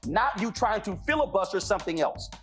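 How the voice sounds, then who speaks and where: A man's voice: high voice, lively intonation, a little fast, over music. A man hosting a debate, pressing his guest with pointed questions and insistently repeating the guest's name to cut in. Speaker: debate show host.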